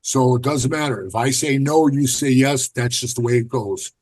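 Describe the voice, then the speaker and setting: A middle-aged former biker club member, appearing as a podcast guest, tells blunt, profane stories in a casual interview and acts out the quotes in them. His voice is mid-range and a little mellow, at a moderate pace.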